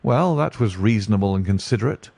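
A man voicing a brilliant, dreamy detective who speaks deliberately and muses aloud. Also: fairly low pitch, lively intonation, darkish tone, no echo. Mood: musing. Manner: deliberate, musing.

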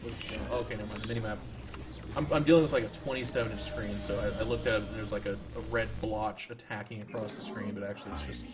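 A man's voice: on the low side, very fast. A man casually commentating his own strategy game match live, chatty and self-mocking with jokey asides. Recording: distant, dull lo-fi mic with loud music. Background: loud background music and keyboard typing.

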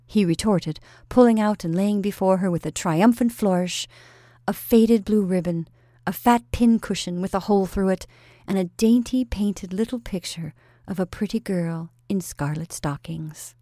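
A woman hosting a story podcast, reading a classic tale aloud in a measured, expressive way. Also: on the low side, dry recording, clean studio sound. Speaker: storyteller host.

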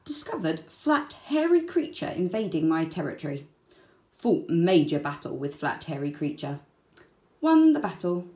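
A woman reading a children's storybook aloud, slow and deliberate, with soft, breathy word endings. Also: deep voice, expressive. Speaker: children's book reader. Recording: roomy echo.

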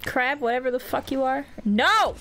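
A young woman streaming a video game with her own running commentary. She is giggly and sarcastic and swears freely, her high voice swinging widely in pitch. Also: lively intonation, a little slow, fairly bright tone, slight background noise. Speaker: gamer streamer. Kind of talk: let's play commentary.

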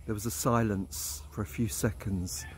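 A man's voice: lowish voice, fairly even intonation, normal speed, breathy edge. A middle-aged man, an expat vlogger telling a personal story in a candid, blunt way. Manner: candid, blunt, swears freely. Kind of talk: storytelling monologue.

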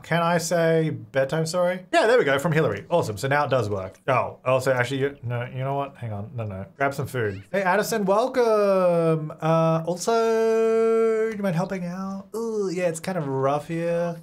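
A young man giving chatty let's play commentary, talking aloud to his game and breaking into exasperated yelling. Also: a little high. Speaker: gaming video creator.

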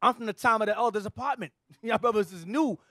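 A man preaching to a room of men, telling animated stories and joking. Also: sits high, fast, no echo, clean studio sound. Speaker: church leader. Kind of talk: preaching to a men's gathering.

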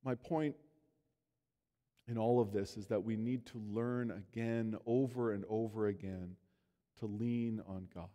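Male pastor, sermon delivery, mellow tone, earnest storyteller whose voice rises and falls, church hall reverb. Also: on the low side, fairly even intonation, measured pace. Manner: earnest storytelling, voice swells and drops. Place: church sanctuary.

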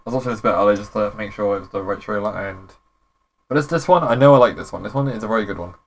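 A young man with a husky, slightly low voice, talking his way through gaming commentary. His delivery is relaxed and rambling, full of slang and offhand reactions. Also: very fast. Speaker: gaming YouTuber. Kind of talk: casual commentary.

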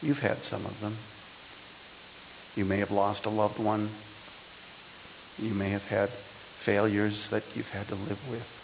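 A man in his sixties giving a motivational speech to students, his delivery swinging between loud emphasis and soft, intimate lines. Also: lowish voice, level tone, slow pace, gravelly, long pauses, background noise. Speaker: speaker. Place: lecture hall.

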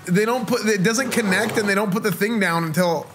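A man's voice: high-pitched, a little fast, fairly bright tone. A young man streaming a video game, chatting casually and animatedly, swearing now and then. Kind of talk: casual gaming chat. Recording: game music behind.

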